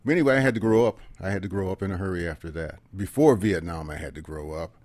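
An older man, a veteran in his seventies, recounts memories to an interviewer in a low voice. He talks earnestly, sinks into hushed asides and tags on a questioning "okay?". The sound is close and dry, with no room around it. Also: quick pace, no room sound. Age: 70s. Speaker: military veteran guest. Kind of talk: personal storytelling in an interview.

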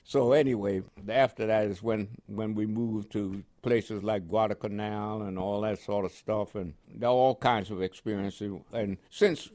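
A man's voice: fairly low pitch, steady tone, measured pace, few pauses, dark tone, dry recording. An older American man telling his story in an oral history interview, in a chuckling storytelling manner with repeated words. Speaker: interviewee, WWII veteran.

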